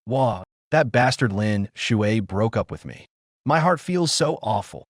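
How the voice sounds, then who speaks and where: A drunk, heartbroken young woman whines tearfully in a raised voice, put on by a male storyteller. The pitch moves lively. The recording is dry and close. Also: unhurried, dry recording. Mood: drunk, upset. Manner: whiny and tearful.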